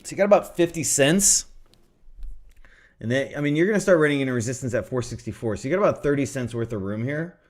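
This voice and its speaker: Talking fast with lively intonation in a mid-range voice, a trading livestream host chats through his market analysis, thinking out loud and repeating himself often.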